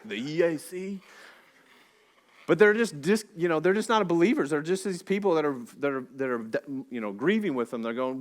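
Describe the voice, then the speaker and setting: A man preaching a sermon in a church, telling a story in a casual, animated way with slang and jokey asides. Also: medium pitch, a little fast. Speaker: pastor. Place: church sanctuary.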